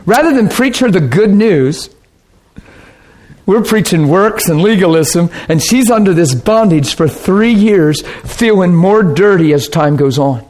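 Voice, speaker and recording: Man pastor, informal teaching, animated storyteller, higher-pitched voice. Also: unhurried. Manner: storytelling, animated, laughs often.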